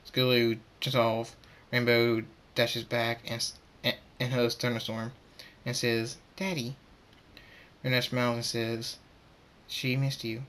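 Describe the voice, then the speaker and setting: A man reading a fan story aloud, halting and repeating words as he goes. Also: mid-range voice, monotone, fairly bright tone, clean tone.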